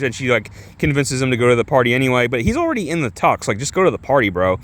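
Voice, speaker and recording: A man's voice: mid-range voice, sing-song, fast, hardly any pauses. A young adult man casually reviewing a movie, rambling with restarts, constant filler words and swearing.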